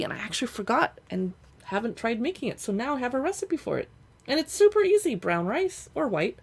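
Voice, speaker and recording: A woman live streaming as she pages through cookbooks, chatting casually and reading recipe lists aloud as she thinks out loud. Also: a little high, gravelly. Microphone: streaming setup.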